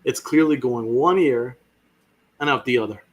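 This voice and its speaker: A man's voice: mid-range voice, normal speed. A man hosting a sports podcast, ranting with fiery sarcasm and heavy swearing. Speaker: podcast host.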